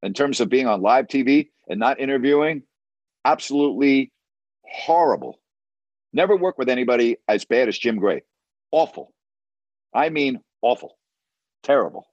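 A man's voice: mid-range voice, expressive, normal speed, pauses often, no echo, highs cut off. A man who works as a sports broadcaster tells a story in a blunt, emphatic way, often repeating words for stress. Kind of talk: storytelling monologue.

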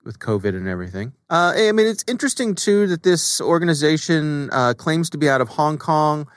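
A man co-hosting a podcast, chatting in a relaxed way with plenty of fillers. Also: on the high side, brisk, no room sound, clean studio sound. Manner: relaxed, conversational, many fillers. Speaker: podcast co-host. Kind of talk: casual podcast chat.

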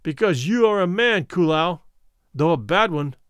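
Young army captain, resolute and persuasive, lively tone, read by a man. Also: sits high, normal speed, smooth, no room sound.

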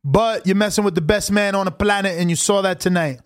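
A man hosting a livestream, reacting to a fight with slangy, excitable commentary. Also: high-pitched, brisk. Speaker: livestream host. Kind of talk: casual live watch-along commentary.

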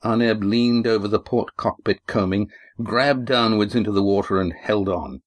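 Low-voiced guy reading a book out loud, steady pace, dry close sound. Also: dry recording. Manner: steady, measured storytelling. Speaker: audiobook narrator. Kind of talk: scripted narration.

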